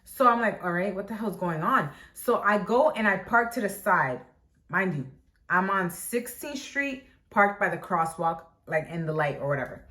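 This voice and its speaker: A woman vlogger telling a story in a casual, animated way, filling it with "like" and acting out quotes. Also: mid-range voice, normal speed. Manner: animated, lots of "like", acts out quotes. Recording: echoey room.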